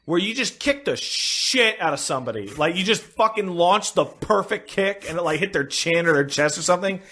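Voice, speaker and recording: A male podcast co-host with a bright, forceful voice that swings up and down as he tells stories. He sits on the high side for a man and talks in loose, profane banter. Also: moderate pace. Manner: animated storyteller, swears freely.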